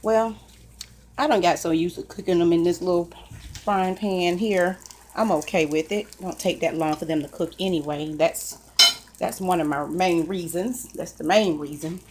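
In her home kitchen, a woman cooking vlogger makes breakfast while chatting casually with viewers in a folksy, talkative way. Her voice is on the low side with a darkish tone, fairly even intonation and a moderate pace, with slight background noise.

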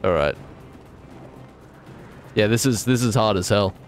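Excitable young man streaming a game. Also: on the low side, a little slow, soft background music. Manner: excitable, jokey, self-mocking banter. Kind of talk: live gameplay commentary.

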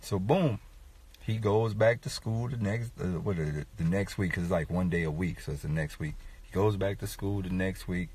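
Brief: male vlogger, lower pitch, husky texture, loose profane storytelling with sudden loud bursts. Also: moderate pace. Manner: profane, rambling, with sudden raised outbursts. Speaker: rapper talking to his viewers. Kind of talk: casual comic storytelling vlog.

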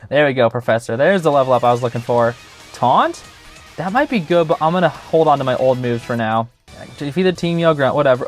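A man's voice: medium pitch, moderate pace, soft background music. A young man hosting a gaming channel, giving chatty, joking gameplay commentary full of filler words.

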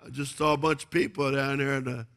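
A man's voice: mid-range voice, flat delivery, fast, a bit bright, natural voice. A man voicing a clueless young protester who answers in a hesitant, vague way. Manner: hesitant, vague, mocking imitation.

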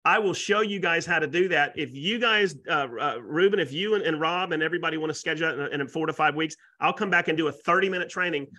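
A man, a realtor and YouTuber, pitching as a guest speaker on a webinar with excitable, salesy energy and folksy exaggeration. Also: fast talker, few pauses. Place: Florida.

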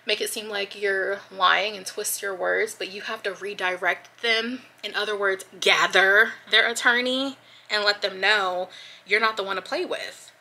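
A woman's voice: medium pitch, steady tone, unhurried, gravelly, sharp tone, poor audio. A woman vlogger telling a personal story to her viewers in casual chat, with lots of fillers. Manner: chatty, addresses viewers as y'all, many fillers. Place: at home getting ready.

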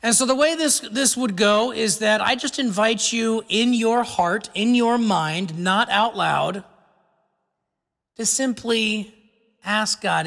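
Earnest preacher man with bright voice. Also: high-pitched, gravelly. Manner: earnest, slows down to stress words. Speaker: pastor. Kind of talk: sermon. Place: church sanctuary. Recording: long reverb of a church hall.

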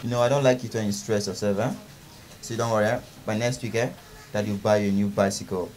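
A man's voice: lowish voice, steady tone, fast, a little mellow, a little hiss or hum. A man playing a doting rich father in a comedy skit, coddling his child in a soothing way. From Nigeria.

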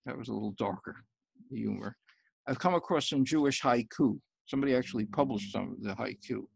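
A man's voice: medium pitch, fairly quick, vocal fry, breathy edge, no room sound. A man, an author, giving an online talk about humor, telling joke after joke and acting out the lines of the characters. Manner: tells jokes in quoted voices, lively punchlines. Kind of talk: storytelling lecture with jokes. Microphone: close online talk mic.

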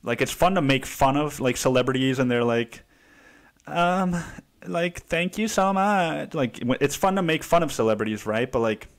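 A man's voice: mid-range voice, brisk, few pauses. A man hosting his own podcast, ranting in a casual, profane, rambling way. He leans on "dude" constantly and restarts his sentences in exasperation. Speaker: podcast host. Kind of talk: casual solo podcast rant.

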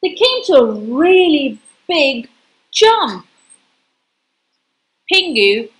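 Female storyteller, higher than average voice, lively sing-song delivery, reads a picture book to a small child unhurriedly. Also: extremely slow, pauses often, rough recording.

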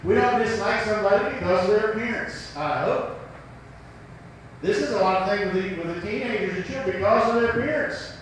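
High-voiced Southern preacher, echoey hall. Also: male voice, animated, a little fast, recorded from a distance, slight background noise. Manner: folksy, rhetorical questions. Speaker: pastor. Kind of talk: sermon.

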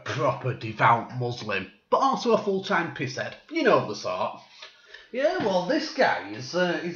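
A man's voice: sits high, sharp tone, echoey room, dull audio. A man delivering a sarcastic, sweary satirical monologue and slipping into mocking voices.

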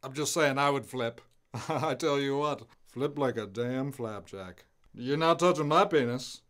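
An actor playing a sly old-time male crooner who speaks with a transatlantic accent in a smooth drawl, full of innuendo. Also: mid-range voice, a little slow, a bit bright, lightly acted. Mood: smug. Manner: sly, innuendo-loving, feigning innocence. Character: smarmy male crooner, impression of a famous 1940s singer. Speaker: recording singer.

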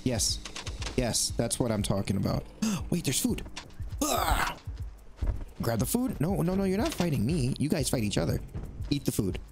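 A man giving excitable let's play commentary, talking to the creatures on screen as he plays. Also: mid-range voice, moderate pace, creaky, long pauses, slight background noise. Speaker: gaming YouTuber.

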